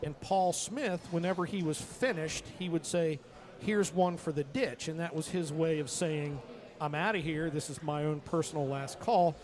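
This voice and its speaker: A man's voice: a little high, normal speed. A man who brews the beer, talking casually about prices and telling the story behind a beer's name. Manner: relaxed storytelling. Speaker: brewer. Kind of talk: casual tasting chat.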